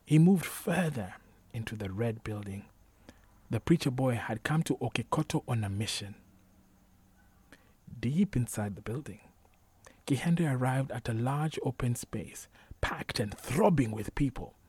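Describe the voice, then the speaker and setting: A man reading a novel aloud as a narrator, measured and unhurried, sometimes dropping to a whisper. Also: medium pitch, expressive, warm tone, husky. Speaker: audiobook narrator. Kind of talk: scripted narration.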